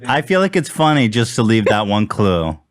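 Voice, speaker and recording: A man hosting a podcast on a studio set, chatting casually in a profane, teasing, animated way. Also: on the low side, moderate pace, slight background noise. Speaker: podcast host. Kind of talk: casual chat.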